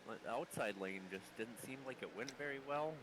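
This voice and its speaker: A man's voice: medium pitch, moderate pace, noisy background. A man calling a sim race live, sounding under the weather and muffled, stumbling over hard names. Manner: reads a long lineup, stumbling on names. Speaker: race commentator. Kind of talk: live sim racing commentary.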